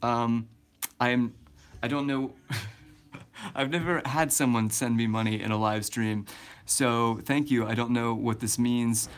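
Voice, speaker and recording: A man's voice: medium pitch, steady tone, measured pace, pauses often. A man in his twenties chatting casually on a livestream, rambling with many fillers and restarts. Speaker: vlogger.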